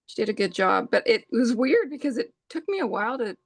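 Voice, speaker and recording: A woman in her forties co-hosting a live crafting stream, talking in a halting way with many fillers. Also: on the high side, very animated, creaky, dry recording. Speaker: co-host of a live scrapbooking stream. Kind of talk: casual chat.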